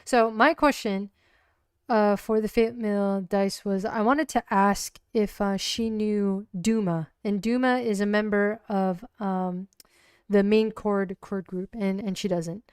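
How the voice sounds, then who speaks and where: Brief: woman solo-player streamer, unhurried, crisp, giggly and rambling. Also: mid-range voice, fairly even intonation, no echo, clean studio sound. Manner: rambling, full of likes and ums, giggly. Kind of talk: casual livestream game narration.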